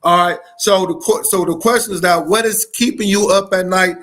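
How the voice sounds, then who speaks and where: Man, high voice, upbeat livestream host, repeats himself, webcam mic. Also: moderate pace. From Michigan. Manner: energetic, repetitive shout-outs. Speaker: host of live education show. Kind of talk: live-stream talk to viewers.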